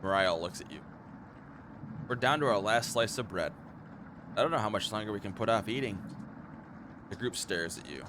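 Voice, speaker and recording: A man's voice: lowish voice, brisk, pauses often, heavy background noise. A man streaming a horror visual novel, reading its text aloud and breaking off into sarcastic, profane commentary, with game music playing behind him. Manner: sarcastic, swears often.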